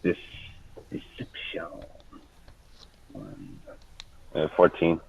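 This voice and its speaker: A young man at a tabletop game, laid-back and quick to laugh. He speaks slowly with a lively rise and fall, and the recording sounds dull and lo-fi. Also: a bass voice, vocal fry, a little hiss or hum. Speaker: player. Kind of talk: casual chat at a game table.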